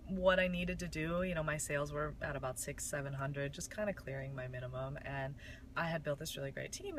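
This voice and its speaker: A woman's voice: sits low, fairly bright tone, a little hiss or hum, poor audio. A young woman from Michigan telling her network marketing story in a casual, candid way, with frequent fillers.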